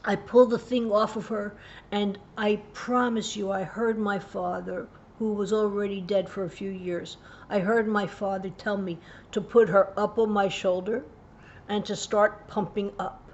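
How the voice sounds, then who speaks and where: A woman hosting a parenting tips show, earnestly retelling a personal story, dropping to a hushed voice at grave moments. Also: steady tone, a little slow, highs cut off, a little hiss or hum. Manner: earnest, vivid retelling with hushed low passages. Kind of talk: personal story told to camera.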